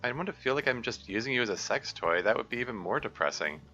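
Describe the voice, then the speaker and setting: A man voicing a caring, earnest teenage girl, club president, speaking in a gentle, pleading, concerned way. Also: mid-range voice, animated, fast, dull audio, soft background music, voice pushed up.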